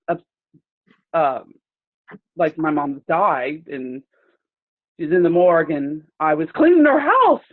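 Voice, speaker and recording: Woman telling a story over a tinny call. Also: fairly high pitch. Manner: rambling, halting, with many restarts. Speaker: participant sharing a story. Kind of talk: emotional personal storytelling. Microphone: video call. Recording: tinny phone-like video call audio.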